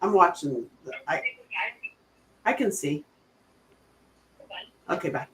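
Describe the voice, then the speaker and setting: A middle-aged woman chatting casually, telling animated stories and laughing often. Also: low voice, slow pace, slight background noise. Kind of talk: casual chat.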